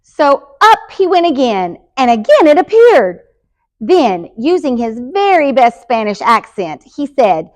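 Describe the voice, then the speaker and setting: A woman's voice: fairly high pitch, unhurried. Woman librarian reading a picture book aloud. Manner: lively, expressive read-aloud. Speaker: school librarian.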